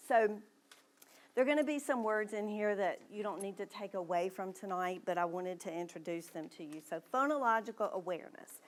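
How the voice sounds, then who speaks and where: A woman giving an early literacy presentation to parents in a library meeting room. She explains patiently and models letter sounds aloud. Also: medium pitch.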